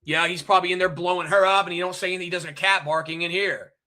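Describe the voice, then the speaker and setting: Fast-talking and high-pitched, this male streamer keeps a steady, sharp tone while he furiously rants to his chat. The monologue is profane and repetitive, addressed directly to viewers and packed with rhetorical questions.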